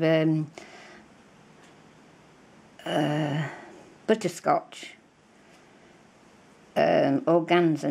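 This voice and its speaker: A woman's voice: sits low, vocal fry, a little mellow, slightly rough. An older woman with a British accent, chatting effusively and rambling as she shows off craft supplies in a casual vlog. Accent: British English. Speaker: crafting vlogger. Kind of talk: casual show-and-tell chat.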